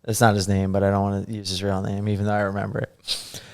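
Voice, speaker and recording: A young man telling a funny story on a podcast in casual chat, animated and often laughing as he acts out the quotes. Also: on the low side, fast, gravelly.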